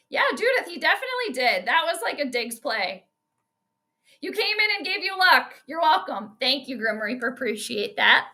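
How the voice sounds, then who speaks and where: Excitable high-voiced woman streaming game commentary. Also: normal speed. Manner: excitable, chatty, reacts loudly to plays. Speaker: astrologer and sports streamer.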